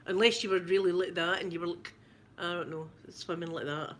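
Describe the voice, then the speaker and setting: A middle-aged Scottish woman, a mother, chatting casually to camera and telling stories in an animated way, with lots of repeats. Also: lowish voice, fairly quick. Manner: animated storytelling with laughs and repeats. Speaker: vlogger, mother.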